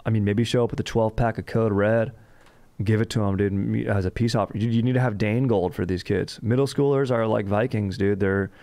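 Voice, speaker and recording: Male comedy podcast host, low voice, loose rambling skater slang. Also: steady tone, fairly quick, mellow, dry recording. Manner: laid-back skater slang, rambling and jokey.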